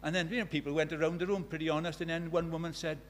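A middle-aged man with a Welsh accent delivers a sermon with a fairly high voice. He shifts from loud, emphatic declarations to quiet, hushed asides as he preaches. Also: flat delivery, very fast, slight background noise. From Wales.

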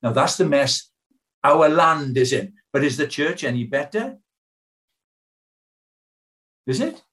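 Older British male preacher, earnest, pleading, fairly high-pitched. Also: lively intonation, slow, a bit bright. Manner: earnest, pleading, many rhetorical questions. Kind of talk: sermon.

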